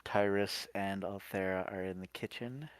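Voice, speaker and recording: A man's voice: sits low, steady tone, normal speed, clear, resonant tone, dry recording. A man player casually narrating his character's actions in a tabletop game.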